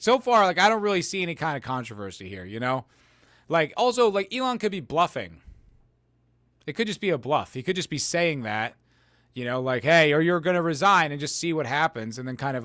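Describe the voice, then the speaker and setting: A man's voice: medium pitch, a bit bright, dry recording, studio quality. A man hosting a podcast, rambling in casual political commentary and answering chat comments, full of "like" and "you know". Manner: reads viewer chat comments and answers them. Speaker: podcast host.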